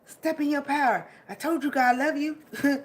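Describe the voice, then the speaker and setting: High-voiced woman giving an emotional pep talk. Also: moderate pace. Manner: animated, laughing often, swearing, hyped. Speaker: vlogger. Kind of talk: emotional motivational monologue.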